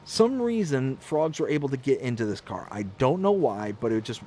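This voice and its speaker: A man's voice: mid-range voice, sing-song, normal speed, darkish tone, slight background noise. A man hosting a livestream, telling rambling stories and reading viewer comments aloud in a casual way. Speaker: livestream host.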